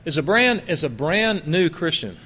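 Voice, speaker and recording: A man's voice: fairly high pitch, very animated, normal speed, pushed and bright, slightly rough. A middle-aged man, a pastor, preaching a conversational sermon with laughing asides and quoted voices. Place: church sanctuary. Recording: long reverb of a church hall.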